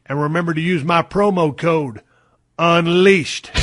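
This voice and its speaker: A man's voice: a little high, measured pace, music in the background. A man hosting a podcast, reading ads and chatting in a folksy, profane way with loose grammar. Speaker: podcast host. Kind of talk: ad read and casual chat.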